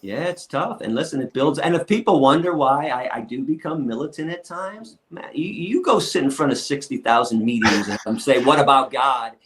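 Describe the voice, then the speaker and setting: A middle-aged guest lecturer and activist tells stories in an interview in a fairly high, expressive voice, moderate in pace and with hardly any pauses. Blunt, profane, and fired-up, he acts out other people's lines as he goes.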